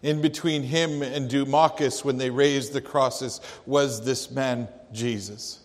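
A man gives voice to a heartbroken Jewish father, speaking in a halting hush as he tells the tale. His delivery is very slow and sits at a middle pitch. The monologue rings out with a long, echoing hall reverb. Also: fairly even intonation, close to an everyday voice. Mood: grieving. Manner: slow, halting, hushed storytelling. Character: grieving Jewish father of a crucified thief. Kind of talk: dramatic first-person monologue.

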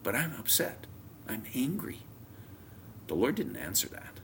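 Lively low-voiced male preacher. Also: a little slow, creaky, pauses often, slightly rough. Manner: storytelling, swings from loud emphasis to near whispers. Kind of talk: sermon.

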